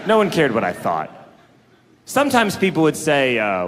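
A man performing a stand-up comedy set on stage, animated and acting out characters. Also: moderate pace. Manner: animated, acts out characters in a high put-on voice. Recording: live stage recording in a reverberant hall with audience noise.

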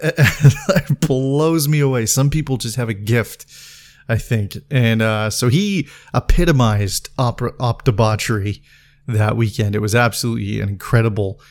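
A man with a mid-range voice tells a long, rambling story in casual podcast style. He restarts his sentences often, swears freely and breaks into laughter as he goes. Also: mid-range voice. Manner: rambling anecdote, laughing, frequent restarts, profane. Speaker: podcast host.

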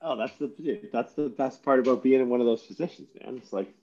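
A man's voice: medium pitch, quick pace, darkish tone, muffled recording. A man speaking as a guest in a casual podcast chat, enthusiastic and sweary.

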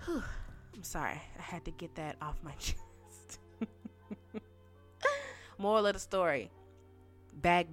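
A woman hosting a podcast, ranting casually and talking straight to her listeners in animated, slangy speech. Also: low-pitched. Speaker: podcast host.

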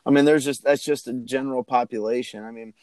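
A man's voice: mid-range voice, steady tone, fast talker, a little mellow, no room sound. A man hosting a podcast, talking in an earnest, rambling, motivational way. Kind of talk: casual chat.

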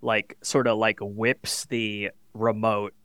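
A man who is a guest on a podcast, chatting casually in a halting way with many fillers. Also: fairly low pitch, flat delivery, a bit bright, clean tone, no echo. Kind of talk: casual chat.

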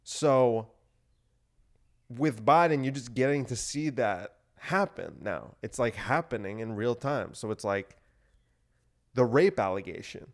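A man's voice: mid-range voice, animated, measured pace. A young man ranting sarcastically in a casual solo podcast, swearing often and using "like" a lot. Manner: ranting, profane, sarcastic, heavy on "like". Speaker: podcast host. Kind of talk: solo rant.

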